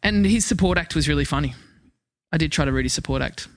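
An Australian woman telling a lively, sweary story as a podcast guest. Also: low-pitched, fast talker, dry recording. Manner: swears freely, animated anecdote-telling. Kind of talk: casual chat, storytelling.

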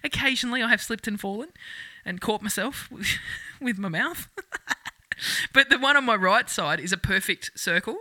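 An Australian woman in her thirties, cohosting a loose, foul-mouthed chat. She laughs through her stories and puts on the voices of the people in them. Her voice is very bright, and the sound is dry and close. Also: mid-range voice, moderate pace, no echo. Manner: crude, laughing, animated storyteller who acts out quotes. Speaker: podcast co-host. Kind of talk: casual chat.

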